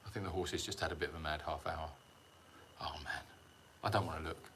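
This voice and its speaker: A man's voice: rumbling low, fairly even intonation, fairly quick, a bit bright, a little hiss or hum. A middle-aged man hosting a casual livestream, rambling and self-mocking, reading out viewer comments and chuckling often. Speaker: sanctuary livestream host.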